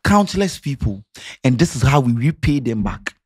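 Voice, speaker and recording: A man's voice: medium pitch, big pitch swings, normal speed, darkish tone, husky. A Ghanaian man giving passionate, sarcastic social commentary, firing off rhetorical questions. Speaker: commentary vlogger.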